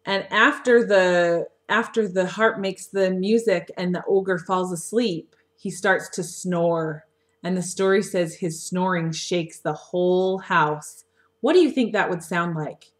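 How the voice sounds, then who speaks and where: Slow, coaxing woman teacher. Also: lowish voice. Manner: slow, coaxing questions to children. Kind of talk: read-aloud lesson for young children. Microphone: webcam microphone.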